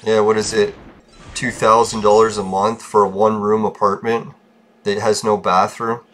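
A man's voice: on the low side, fairly bright tone. A man podcasting alone, venting bitterly in a casual, profane rant. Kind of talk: casual ranting monologue.

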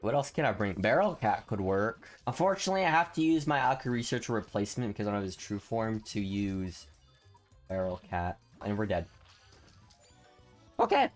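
A young man giving casual gameplay commentary, swinging between low grumbling and excited shouts. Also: normal speed, faint music behind. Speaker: gaming video host.

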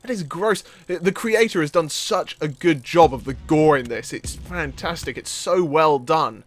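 A young man giving live gameplay commentary, excitable and yelping and laughing as things go wrong. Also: fairly high pitch, normal speed, hardly any pauses. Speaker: gaming channel host.

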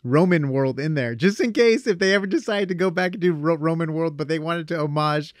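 A young man hosting a podcast, chatting casually in an animated way. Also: fairly high pitch, no room sound, clean studio sound. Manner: animated, quick asides and laughs. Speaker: podcast host. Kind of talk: casual chat.

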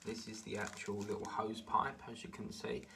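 A chatty man talks through a pile of model parts, rambling and delighted. He sounds set back from the mic, and steady background noise sits under his voice. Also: on the low side, normal speed, gravelly, distant mic. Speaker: model-building vlogger. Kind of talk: casual unboxing commentary.

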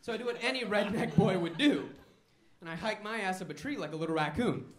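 A man's voice: sits high, brisk, a bit bright, reverberant, a little hiss or hum. A man doing a stand-up comedy set on a comedy club stage, telling wry, self-mocking stories.

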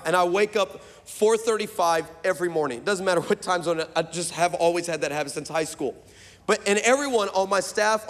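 A man preaching a sermon as a pastor, telling a comic story in an animated, fast way with excited shouted bursts. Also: high-pitched, long reverb tail.

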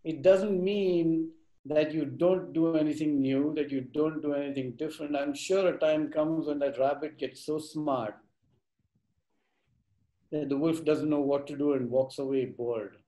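A man leading a live workshop tells a fable to his group, with a voice a touch higher than most men's. He slips into voices for the animals and keeps stopping to quiz his listeners. The room around him is echoey. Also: a little slow. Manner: animated, acts out characters, quizzes the audience. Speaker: workshop speaker.

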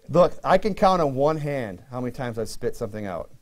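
Man, pastor, sermon, conversational, jokey asides, mid-pitched voice. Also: fast, few pauses. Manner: conversational preaching with humorous asides.

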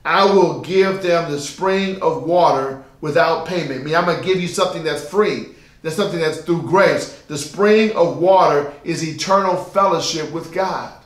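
A man's voice: fairly high pitch, moderate pace, reverberant. A man preaching a sermon as pastor, emphatic and repetitive, asking the listeners rhetorical questions.

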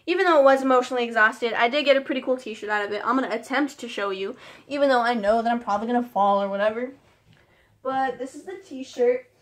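A woman's voice: fairly high pitch, a bit bright. A young woman vlogging casually, telling a personal story in a chatty, emotional way with lots of "like" fillers.

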